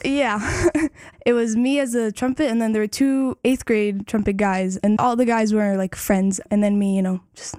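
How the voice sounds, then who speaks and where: An eighteen-year-old woman, a trumpeter guest in an interview, speaking in a modest, soft-spoken way with fillers and laughs. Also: mid-range voice, fairly even intonation, moderate pace, smooth, no echo, clean studio sound. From Plano, Texas. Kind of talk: casual interview.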